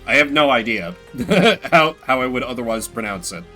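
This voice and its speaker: Guy doing let's play commentary, lively jumpy voice, jokes at himself, faint game music behind. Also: mid-range voice, normal speed. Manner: animated, chatty, self-mocking. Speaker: streamer playing a horror game.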